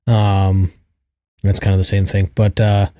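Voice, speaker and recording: Man in his thirties, low voice, mellow tone, casual rambling storytelling, dry close sound. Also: monotone, a little slow, dry recording. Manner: rambling, filler-heavy with lots of "like". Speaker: podcast co-host.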